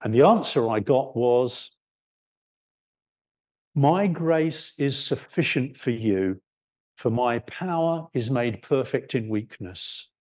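A man preaching a sermon, explaining scripture in an unhurried way and lifting his voice on key words. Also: medium pitch, animated, a little mellow. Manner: unhurried expository preaching, rising for emphasis.

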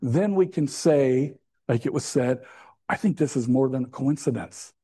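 A man's voice: mid-range voice, moderate pace, warm tone, slightly rough. A man preaching a sermon to a congregation in a conversational way, with asides and jokes. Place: church.

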